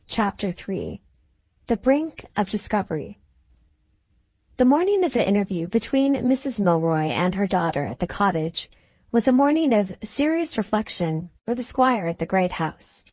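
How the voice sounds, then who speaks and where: A woman narrating a Victorian novel in a measured, even audiobook reading. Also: mid-range voice, no echo.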